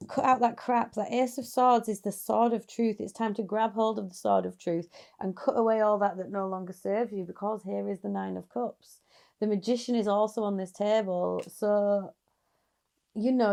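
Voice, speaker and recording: A woman's voice: medium pitch, creaky, darkish tone. A woman giving a casual, chatty tarot reading straight to her viewers, encouraging and sometimes laughing. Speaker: tarot reader.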